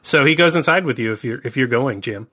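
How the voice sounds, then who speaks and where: A man's voice: medium pitch, animated, fast, a bit bright. A man narrating a tabletop horror game as game master, with rambling, hesitant descriptions.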